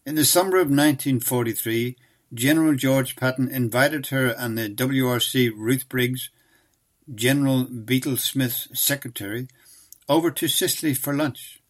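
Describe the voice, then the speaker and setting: A man's voice: medium pitch, moderate pace. Man narrating a history documentary.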